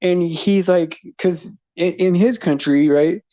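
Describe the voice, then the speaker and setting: Sitting high in pitch with a dark tone, this American man speaks slowly while hosting a livestream. His casual chat wanders, packed with fillers, restarts and frequent chuckles, and the lo-fi audio is dull with no room sound.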